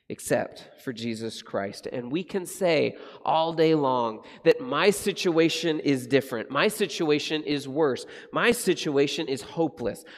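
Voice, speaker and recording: Slow, earnest preacher in a reverberant hall. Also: male voice, medium pitch. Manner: earnest, slows and softens on solemn phrases. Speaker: pastor. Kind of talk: sermon.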